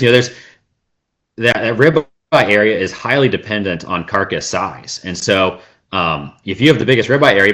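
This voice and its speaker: A man's voice: deep voice, sharp tone. A man, a meat science expert, explaining on a video call, thinking aloud with many fillers and restarts. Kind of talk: explanatory conversation.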